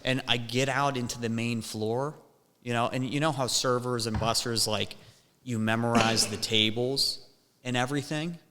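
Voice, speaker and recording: A man's voice: medium pitch, steady tone, moderate pace, background noise. A young man telling a long dream story in casual chat, rambling, swearing often and restarting his sentences. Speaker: podcast host. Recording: long hall reverb.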